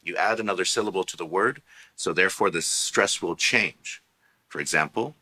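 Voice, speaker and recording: A man teaching a language lesson, explaining grammar patiently and clearly. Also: deep voice, normal speed, bright, forceful tone.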